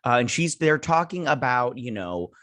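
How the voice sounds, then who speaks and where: A man retelling an episode in a loose, chatty way. He fills his sentences with "uh" and "like" and throws in sassy side remarks. His voice sits at an ordinary middle pitch and sounds close and dry, with no room around it. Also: sing-song, normal speed, fairly bright tone, no echo. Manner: rambling, filler-heavy, sassy asides. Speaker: show reviewer, host. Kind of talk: casual episode recap and review.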